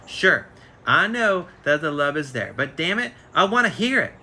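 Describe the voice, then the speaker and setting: A man's voice: a little high, sing-song, moderate pace, pushed and bright. A man reading a biography aloud on a casual live stream, stumbling and correcting himself as he goes. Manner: reads aloud with frequent slips and self-corrections. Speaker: reader. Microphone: phone on a live stream.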